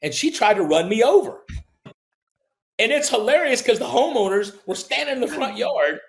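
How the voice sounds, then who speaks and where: A middle-aged man, a home builder and podcast guest, telling stories in casual talk and acting out the people he quotes with big leaps in pitch. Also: moderate pace, roomy sound. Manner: animated storyteller who acts out quoted people with big jumps in pitch. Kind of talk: casual storytelling in a podcast interview.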